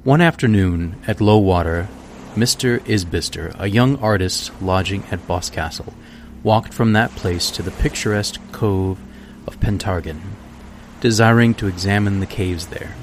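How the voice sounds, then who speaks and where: A man hosting a podcast, reading a classic story aloud in a measured, deliberate way. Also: low voice, slight background noise. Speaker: podcast host. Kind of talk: scripted narration of a classic story.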